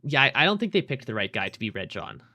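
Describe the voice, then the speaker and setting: A young male streamer talks casually with his chat while he plays, dropping swear words as he goes. His voice sits at an ordinary middle pitch for a man, and his manner is relaxed and off the cuff. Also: fast. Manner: loose, swearing, chatting with viewers.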